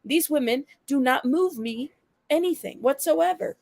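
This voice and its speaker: A woman's voice: high-pitched, expressive, a little slow, creaky, darkish tone, no room sound, studio quality. A woman hosting her own channel, talking bluntly and with sass straight to her viewers in casual commentary. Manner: blunt, sassy, addresses viewers directly. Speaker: channel host.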